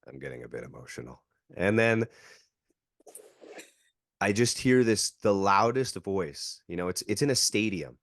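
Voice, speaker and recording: Low-voiced man telling a story. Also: lively intonation, unhurried, long pauses, no room sound. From Canada. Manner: filler-heavy, acts out quotes. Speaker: podcast guest, jiu-jitsu coach. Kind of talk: casual storytelling.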